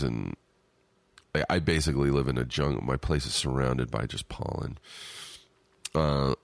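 A man's voice: very deep voice, fairly bright tone, dry recording. A man co-hosting a podcast, rambling and self-deprecating with profane asides as he reads listener emails, sniffly from allergies. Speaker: podcast co-host. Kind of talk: casual chat, reading listener emails. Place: at home in his apartment.

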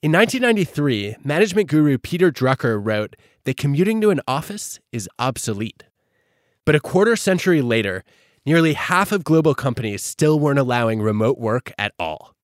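A man hosting a podcast, delivering scripted narration with a lively, measured manner. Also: medium pitch, no echo, studio quality. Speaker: podcast host.

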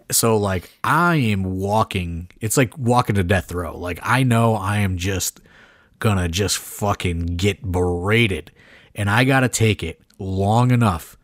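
A man's voice: deep voice, no room sound, clean studio sound. A man, a wrestling promoter, telling a story on a podcast in a rambling, profane way, full of "like" fillers and laughing as he goes.

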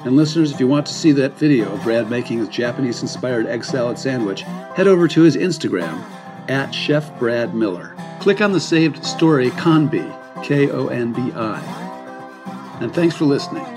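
A man's voice: medium pitch, expressive, moderate pace, over music. A man hosting a podcast, reading scripted questions and a sign-off. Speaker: podcast host.

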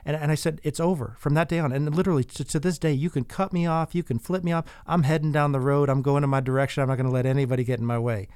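A man's voice: medium pitch, steady tone, racing, hardly any pauses, darkish tone, smooth, dry recording. A man in casual conversation, earnestly telling stories with frequent restarts. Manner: earnest, storytelling, many restarts.

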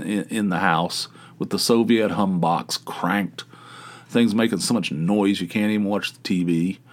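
Middle-aged guy on his podcast, lowish voice, rambles and grumbles, keeps restarting his sentences. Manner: rambling, self-interrupting, wry grumbling. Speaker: podcast host. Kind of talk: casual solo monologue.

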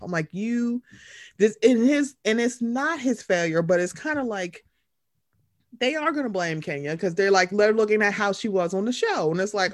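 A woman co-hosting a casual chat about reality TV, animated and acting out quoted lines in put-on voices. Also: unhurried. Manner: animated, acts out quoted voices with big pitch jumps. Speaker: podcast co-host.

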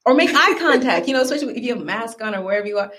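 A woman's voice: a little high, rapid-fire. A woman from the American South with a Southern accent, chatting casually as a podcast guest and acting out the people in her stories. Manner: animated storyteller who acts out quoted people. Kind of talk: casual conversation.

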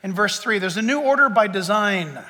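A man preaches to his congregation in a sharp, forceful voice that sits very high. He jumps between plain teaching and acted-out bits of imagined talk. Long reverb rings from the church hall around him. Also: moderate pace. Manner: animated preaching, acts out voices of listeners. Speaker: pastor. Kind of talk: sermon. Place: church sanctuary before a congregation.

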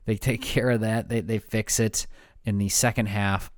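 Laid back guy recapping games, smooth clear voice, dry mic. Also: lowish voice, level tone, normal speed, dry recording. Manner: easygoing, steers the talk to the next game. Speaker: podcast co-host. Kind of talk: casual sports chat.

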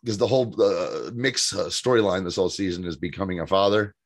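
A man's voice: deep voice, a little fast, no room sound, clean studio sound. A man co-hosting a TV recap podcast in a chatty, laughing manner. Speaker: podcast co-host. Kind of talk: casual TV recap chat.

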